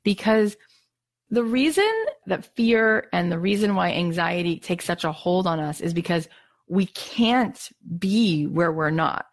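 A woman giving an earnest, animated mindfulness talk, acting out the voices she quotes. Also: lowish voice, unhurried. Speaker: self-help speaker.

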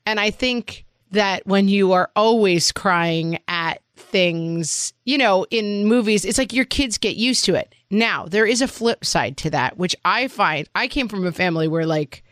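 A woman's voice: medium pitch, measured pace, hardly any pauses, a bit bright, no echo. Middle-aged woman co-host, casual frank banter with some jokes, dry close mic. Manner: frank, joking, thinks aloud with "like". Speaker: podcast co-host. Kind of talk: casual parenting chat.

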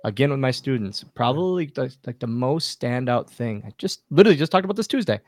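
A man, a former pro wrestler, telling backstage stories as a guest in a casual interview, lively and full of acted-out quotes. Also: medium pitch, quick pace, dry recording. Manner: animated anecdotes, acts out quoted dialogue, many restarts. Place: podcast studio.

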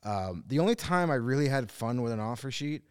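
A man co-hosting a casual sports podcast, giving blunt, opinionated takes with quick dismissive asides. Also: medium pitch, sing-song, a little mellow, clean tone, no room sound, studio quality. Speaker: podcast co-host.

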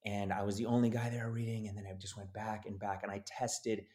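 A man telling a story in a casual interview, animated and acting out the voices of the people in it. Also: fairly low pitch, brisk. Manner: animated, acts out quoted voices. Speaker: actor guest.

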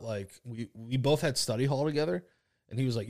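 A man's voice: medium pitch, brisk, no echo, clean studio sound. A young man co-hosting a podcast, telling a story in rambling, slangy casual chat full of filler words. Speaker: podcast co-host.

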